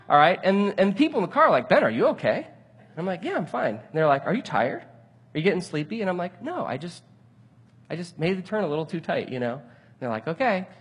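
Animated husky male preacher. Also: a little high. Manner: animated storytelling, acts out his own frustration. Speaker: pastor. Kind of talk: sermon.

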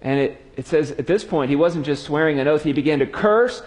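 Storytelling preacher in a long-echoing hall. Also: male voice, a little high, brisk. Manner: storytelling, dramatic drops to quiet. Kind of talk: sermon.

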